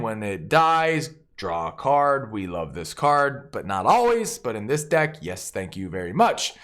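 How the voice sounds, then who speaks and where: Lively animated man reviewing cards. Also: mid-range voice, clean tone. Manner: energetic, fast, jokey with sudden exclamations. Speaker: channel host reviewing a card game deck. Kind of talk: enthusiastic casual deck review.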